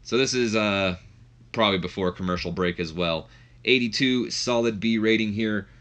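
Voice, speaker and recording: A man's voice: lowish voice, moderate pace, fairly bright tone. A man giving casual, rambling commentary on a wrestling management game playthrough. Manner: rambling, filler-heavy.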